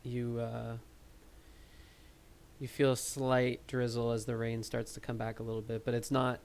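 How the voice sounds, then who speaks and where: A man narrating as game master, describing scenes in a relaxed, rambling way. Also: mid-range voice, measured pace, clear, resonant tone.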